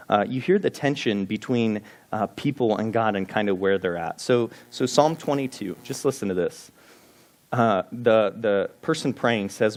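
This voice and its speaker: A man giving a sermon as pastor, talking earnestly and conversationally, reading scripture passages aloud. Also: medium pitch.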